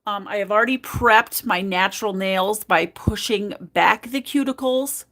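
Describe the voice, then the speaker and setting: A woman's voice: mid-range voice, measured pace, fairly bright tone. A woman hosting a nail art livestream, chatting casually and affectionately with her viewers while she works, full of fillers. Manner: chatty and affectionate, talks to chat, many fillers. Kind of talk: casual live-stream chat while doing nails.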